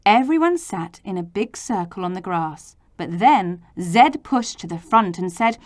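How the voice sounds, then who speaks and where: A woman slowly and expressively reading a children's storybook aloud. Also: medium pitch, lively intonation, no echo, clean studio sound.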